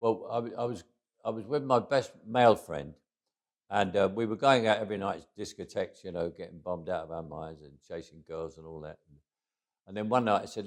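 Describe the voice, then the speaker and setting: An Englishman in his eighties, speaking as a guest in a storytelling interview, tells anecdotes in a low, slightly quick voice. He keeps restarting his sentences and chuckling as he goes.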